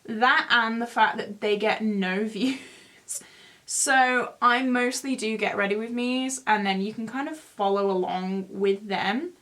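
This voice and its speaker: A woman's voice: a little high, unhurried, a bit bright. A young woman in her twenties chatting in a rambling, self-mocking way while doing her makeup for a beauty vlog. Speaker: beauty vlogger. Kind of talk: casual get-ready-with-me chat.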